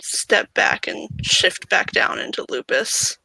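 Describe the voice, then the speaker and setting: Bright, gravelly-voiced game master narrating. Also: mid-range voice, slow pace, a little hiss or hum, low-quality recording. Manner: calm narration with small stumbles and repeats.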